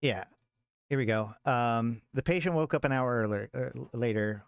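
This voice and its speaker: A man's voice: medium pitch, normal speed, clean tone, no room sound, studio quality. A man streaming a casual talk on game lore and reading a story aloud, rambling with many restarts.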